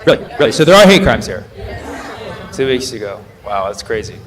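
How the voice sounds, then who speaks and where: A male stand-up comedian at a comedy club speaks fairly quickly in a mid-range voice with big swings in pitch. He quizzes audience members live and catches himself mid-sentence, amid laughter and murmuring.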